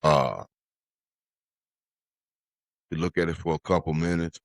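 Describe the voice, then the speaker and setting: A man's voice: very deep voice, measured pace, no room sound. A man hosting a podcast as a life coach, talking casually and tagging "man" onto nearly every phrase, with lots of "uh" fillers. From United States.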